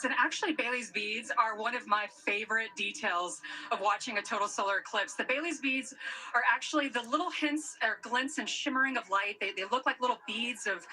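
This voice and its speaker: A woman data scientist reporting live from outdoors, excited and stumbling over repeated words. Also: on the high side, poor audio. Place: outdoors at an eclipse crowd.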